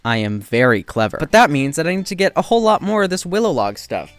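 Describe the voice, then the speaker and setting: A man giving casual, joking commentary while playing a game, getting excited and loud when he spots something new. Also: quick pace, dry recording. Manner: excitable, jumps to high squeals when spotting birds; self-deprecating, joking asides. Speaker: gaming video creator.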